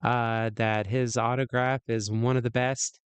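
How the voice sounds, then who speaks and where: Mid-pitched male streamer, playful rambler, crisp dry mic. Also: level tone, measured pace, dry recording. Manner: rambling and playful, many restarts. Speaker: livestream host. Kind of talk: casual stream chat.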